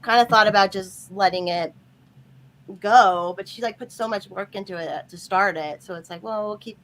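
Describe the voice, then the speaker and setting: A woman talks on a group stream, ranting with open frustration. She speaks in a middle-pitched voice and mocks the people she quotes. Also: moderate pace, fairly bright tone. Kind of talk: casual chat.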